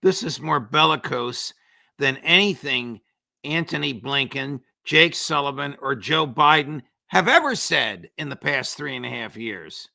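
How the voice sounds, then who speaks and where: A man hosting an interview, asking measured, pointed questions and introducing clips. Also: mid-range voice, expressive, gravelly, bright, forceful tone, no echo, studio quality. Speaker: show host. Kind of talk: interviewing a guest.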